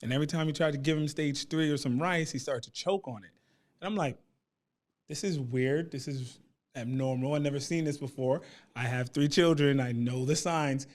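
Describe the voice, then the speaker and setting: A man in his thirties as a guest, telling a personal family story in a lively way and acting out the voices of the people he quotes. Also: fairly high pitch, normal speed. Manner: animated, acts out quoted voices.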